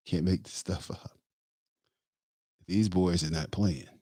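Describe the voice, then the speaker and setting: A man's voice: sits low, steady tone, slow pace, mellow, no room sound, clean studio sound. A man hosting a talk show, delivering an emphatic, opinionated political monologue that rambles with fillers. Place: Tampa area.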